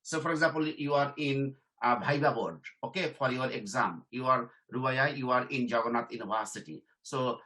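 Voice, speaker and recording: Bright-voiced man teaching. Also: medium pitch, moderate pace, few pauses, low-quality recording. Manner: repeats points, checks in with "okay?". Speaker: career trainer and professor. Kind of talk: informal teaching talk.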